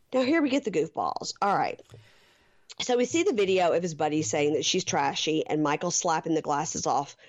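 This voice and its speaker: A woman's voice: deep voice, darkish tone. A woman co-hosting a podcast, chatting casually and recapping a show with frank, profane remarks. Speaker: podcast co-host. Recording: slightly dull lo-fi sound.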